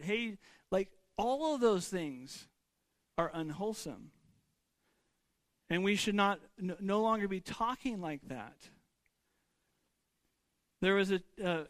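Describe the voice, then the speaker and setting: A man's voice: high voice, expressive, slow, long pauses, fairly bright tone, no room sound. A man who is a pastor, giving a sermon in a conversational way, with rhetorical questions and frequent restarts.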